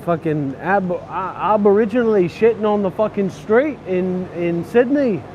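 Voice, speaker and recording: Walking through city streets, a man vlogs a frustrated rant, swearing and grumbling in a high voice with lively intonation at a moderate pace. The audio is dull with a little hiss or hum.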